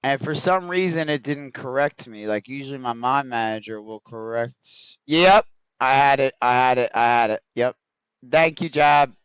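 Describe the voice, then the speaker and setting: A man streams a video game and chats casually with viewers, rambling, swearing and addressing chat directly. His medium-pitched voice is smooth and a bit bright at normal speed, recorded dry with the highs cut off.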